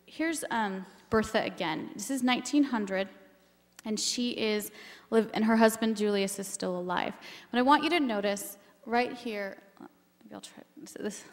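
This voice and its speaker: A woman's voice: on the high side, long reverb tail. A woman giving a keynote talk on family history, earnest and emotional, with many ums as she goes.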